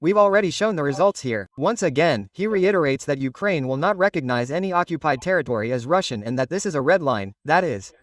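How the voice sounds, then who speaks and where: A man's voice: a little high, no echo, clean studio sound, recorded from a distance. A man giving opinionated news commentary in an emphatic way, often tagging his points with "right?". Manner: emphatic, keeps asking "right?".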